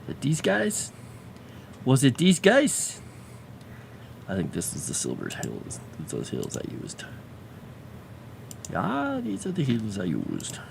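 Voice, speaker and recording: A man's voice: medium pitch, huge pitch swings, slow, vocal fry, long pauses, noisy background. A man casually chatting on a livestream while drawing a fantasy map, muttering to himself and cooing at his pet.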